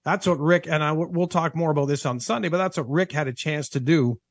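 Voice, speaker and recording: A man's voice: on the high side, fast talker, no room sound. A man talking in an office as a sports broadcaster, reflecting in a thoughtful, earnest way and repeating himself for emphasis.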